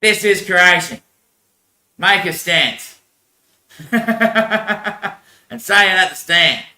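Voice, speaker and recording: A man's voice: high-pitched, drawn-out words, sharp tone, roomy sound, rough recording. A young man, rambling crudely in a religious monologue and laughing often. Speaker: vlogger.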